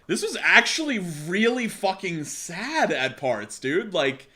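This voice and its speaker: A man's voice: sits high, big pitch swings, takes it slowly, pushed and bright. A young man streaming live, reading a story aloud and breaking off to joke, laugh and talk to his chat. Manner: laughing, mocking, swearing, talks to chat. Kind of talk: casual reading with joking asides.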